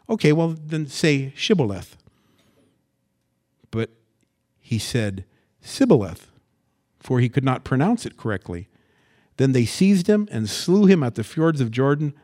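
Pastor type, West Coast man, casual verse-by-verse preaching with folksy asides, mid-pitched voice. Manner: folksy, animated, asides and anecdotes. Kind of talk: verse-by-verse Bible teaching.

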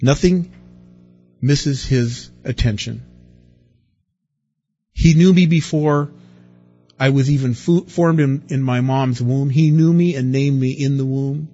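A man preaching a sermon, lively and dramatic, acting out the people he quotes with big swings in his voice. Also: mid-range voice, slow, pauses often, highs cut off, soft background music. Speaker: pastor.

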